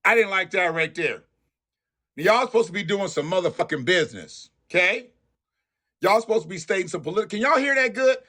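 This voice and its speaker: A man's voice: high voice, lively intonation, a little fast, bright, forceful tone. A man hosting a live-stream commentary show, ranting bluntly and profanely and talking straight to his viewers. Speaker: livestream host.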